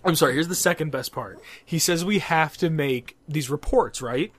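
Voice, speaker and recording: A man's voice: a little high, moderate pace, a bit bright. Rambling, cursing young man telling a story. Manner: rambling, profane, laughs at his own jokes. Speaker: podcast co-host. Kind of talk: casual storytelling chat.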